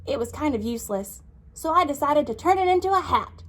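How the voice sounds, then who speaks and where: A woman voicing a cheerful little male bird in a read-aloud storybook, in a high, bouncy voice. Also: lively intonation, fairly quick.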